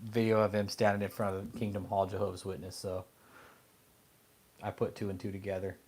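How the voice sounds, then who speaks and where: A man's voice: sits low, level tone, a little fast, a little mellow, slightly rough. Profane, angry man ranting. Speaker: online commentary host. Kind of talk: casual profane rant.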